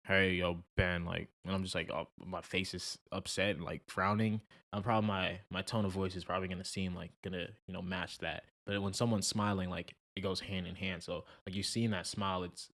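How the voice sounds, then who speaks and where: A young man co-hosting a podcast, talking in an animated, chatty way with many fillers. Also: sits low, a little fast, hardly any pauses. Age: young adult. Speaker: podcast co-host. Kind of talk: casual chat.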